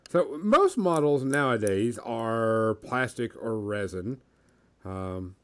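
A man's voice: mid-range voice, lively intonation, slow pace, clear, resonant tone. Guy hosting a chill hobby podcast, rambly, lots of ums, regular mid voice. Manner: rambling, many fillers. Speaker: podcast host. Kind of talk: casual hobby chat.

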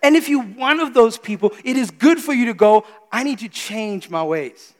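A man in his thirties preaching a sermon, animated, swinging between quiet confiding asides and loud exclamations. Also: very high-pitched, normal speed. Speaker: pastor. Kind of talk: sermon with storytelling. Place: church. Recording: reverberant church hall.

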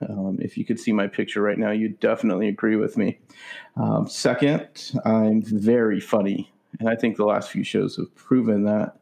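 A man co-hosting a podcast, telling a rant as a deadpan, boastful storyteller with a gravelly voice. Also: lowish voice, normal speed. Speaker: podcast co-host. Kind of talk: casual ranting chat.

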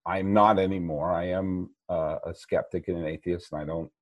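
A man with a fairly low voice hosts a podcast, walking through a film scene by scene. He talks loosely and keeps restarting sentences, animated at times. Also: moderate pace. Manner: rambling, restarts often, animated. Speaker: podcast host. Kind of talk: casual movie chat.

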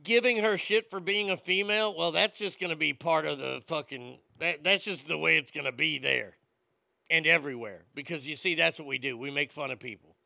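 Man, blunt profane rant, sarcastic, slightly high voice, sharp bright tone. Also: fairly quick, gravelly, no echo. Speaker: commentator. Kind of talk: opinion rant.

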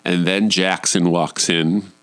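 A man telling a comic, confessional story about his own family life, switching into high voices when he quotes himself. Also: level tone, slow, a bit bright, dry recording. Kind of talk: personal storytelling monologue.

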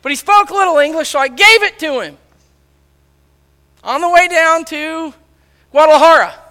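A man preaching a sermon, loudly telling stories and acting out the dialogue. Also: very high voice, moderate pace. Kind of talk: sermon storytelling. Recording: long reverb of a large hall.

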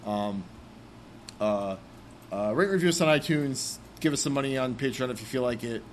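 A man's voice: mid-range voice, normal speed, a little hiss or hum. Rambling podcast host man. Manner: rambling, many fillers. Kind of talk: casual chat.

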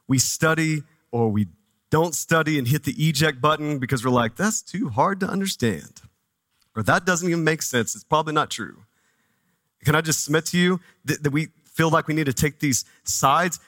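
A man preaching a sermon as pastor, conversational and animated, dropping low and soft for reverent moments. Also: no echo. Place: church.

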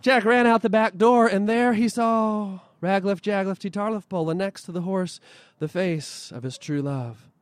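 A male storyteller telling a folk tale live at a festival, lively and expressive, with dramatic pauses. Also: sits high.

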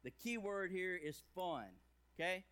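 A man's voice: a little slow, fairly bright tone, clear, resonant tone. A man in his thirties, a pastor giving a playful children's sermon with jokes and big swings in his voice. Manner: playful, jokey, big swings in pitch and volume.

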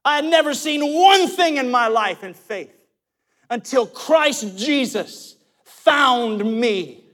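A man's voice: very high voice, expressive, takes it slowly, fairly bright tone. A male pastor preaching a live church sermon with passionate emphasis, calling on the congregation to repeat after him. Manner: passionate, emphatic preaching with audience call-and-response.

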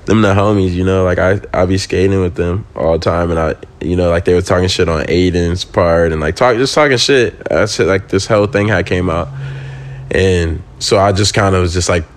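This deep-voiced young pro skateboarder talks a little fast over slight background noise while appearing on a podcast. His laid-back anecdote is full of curse words, and he animatedly performs his own quoted remarks from the time.

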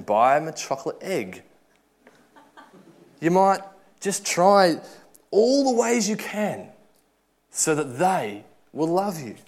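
A man preaching a sermon, earnest, swinging from loud urging to soft, quiet asides. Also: on the high side.

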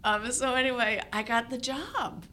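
A woman's voice: on the high side, moderate pace. A woman in her sixties telling stories as an actress guest in a casual interview, laughing often. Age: 60s. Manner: animated storytelling, laughing often.

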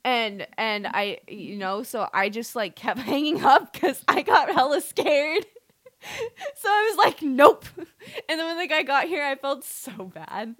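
Young female DJ, giggly storyteller, slightly high voice, dry close mic. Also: unhurried, fairly bright tone, no echo. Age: young adult. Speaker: radio DJ. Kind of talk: casual chat.

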